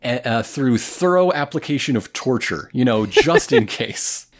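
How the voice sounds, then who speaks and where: A man's voice: mid-range voice, animated, a little slow. A man co-hosting a casual chat, making wry jokes and laughing often. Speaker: podcast co-host. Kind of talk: casual chat recapping an anime.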